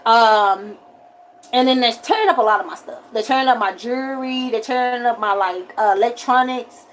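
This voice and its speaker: A forty-year-old woman, telling a story on a casual livestream and swinging from loud outbursts to quiet asides. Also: fairly high pitch, moderate pace, slight background noise, rough recording. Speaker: livestream host.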